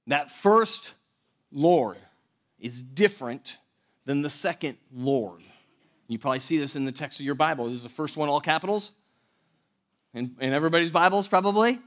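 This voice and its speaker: A man's voice: a little high, animated, normal speed. Conversational man preaching a sermon. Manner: conversational, joking asides, dynamic swings between loud and quiet. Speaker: pastor. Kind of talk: verse-by-verse sermon.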